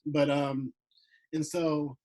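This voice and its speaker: Young air force vet co-host, slightly high voice, rambling chat, many fillers. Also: male voice, flat delivery, extremely slow, a little mellow, rough recording. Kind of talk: casual chat.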